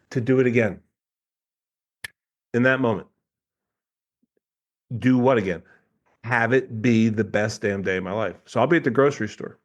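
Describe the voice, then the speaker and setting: A man speaking as a guest coach in a casual podcast conversation, telling stories with lots of laughter and little impressions of people. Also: mid-range voice. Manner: animated storyteller, laughs often, mimics people.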